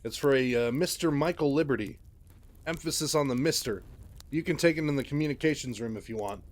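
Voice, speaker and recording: A man's voice: mid-range voice, voice pushed up, natural voice. A man voicing a polite, nervous young male comm officer in a sci-fi game-lore retelling. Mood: flustered. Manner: hurried, polite, deferential.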